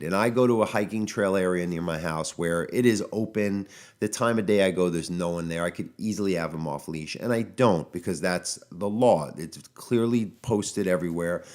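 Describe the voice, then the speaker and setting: This deep, slightly mellow voice belongs to an American dog trainer running his own podcast. Speaking alone and casually, he gets exasperated and keeps stumbling over fillers and restarts in this audio-only recording.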